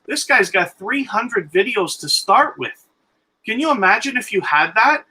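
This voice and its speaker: A man's voice: sits high, big pitch swings, unhurried, sharp tone, breathy edge, poor audio. A man speaking earnestly as a guest on a live stream, giving encouragement and advice.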